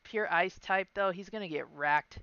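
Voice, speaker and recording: A woman hosting a casual podcast chat, relaxed and quick to laugh. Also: on the low side, clean tone, no room sound. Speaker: podcast host. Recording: dull, dry, slightly lo-fi.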